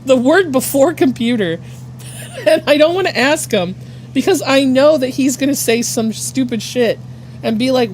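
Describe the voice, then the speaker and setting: A woman's voice: a little high, moderate pace, a little mellow, a little hiss or hum. A woman casually chatting on her art livestream, rambling with lots of fillers, swearing and laughing. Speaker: art streamer.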